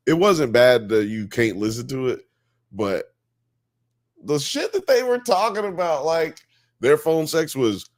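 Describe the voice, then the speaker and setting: A man hosting a live-stream show, chatting casually in an animated, slangy, joking way. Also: fairly high pitch, unhurried, no room sound. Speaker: podcast host.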